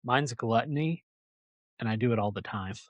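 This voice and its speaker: A man's voice: medium pitch, moderate pace, dry recording, dull audio. A male podcast host who tells his story loosely and jokingly, wandering off on tangents. His voice sits mid-range. The sound is dry and close. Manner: rambling, jokey storytelling. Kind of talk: casual chat.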